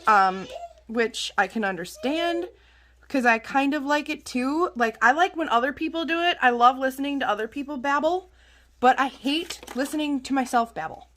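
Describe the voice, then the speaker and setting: Bright-voiced woman chatting while crafting. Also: high-pitched, normal speed. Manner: rambling, chatty, self-deprecating. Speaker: craft channel host. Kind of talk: casual chat while journaling.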